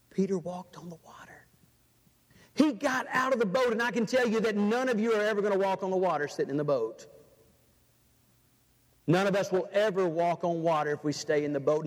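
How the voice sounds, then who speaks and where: A man preaching a sermon in a large church, dramatic and full of rhetorical questions, dropping to a hush and then rising loud. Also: sits high. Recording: reverberant church hall.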